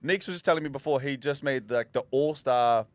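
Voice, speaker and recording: A man with a New Zealand accent giving his sports picks in an animated, chatty way. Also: mid-range voice, a little fast, no echo. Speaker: podcast co-host. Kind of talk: casual sports chat.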